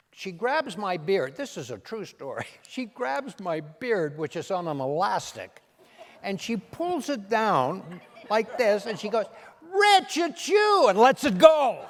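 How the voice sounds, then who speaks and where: A man's voice: on the high side, big-room sound. An older man, a comedian and impressionist, telling stories on stage and acting out the voices in them. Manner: lively, acts out voices in his anecdotes. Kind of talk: storytelling talk on stage.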